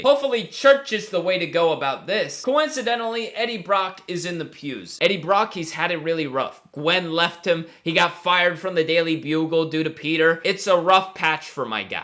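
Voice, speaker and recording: Bright-voiced, high man doing joking movie recaps. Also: normal speed, hardly any pauses. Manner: animated, joking, acting out characters' lines. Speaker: film commentary YouTuber. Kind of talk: comedic movie recap commentary.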